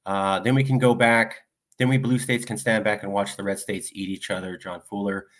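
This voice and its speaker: A man's voice: lowish voice, flat delivery, fairly bright tone. A man giving casual political commentary, reading viewer comments aloud one after another. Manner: reads viewer comments aloud in quick succession.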